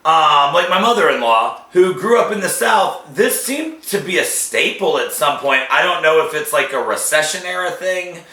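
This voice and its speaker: A man hosts a casual food-tasting video, joking and stretching out his reactions. His voice is bright and slightly high, and it rises and falls a lot. The sound carries the echo of a bare room. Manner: animated, joking, drawn-out reactions. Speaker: show host. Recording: echoey room.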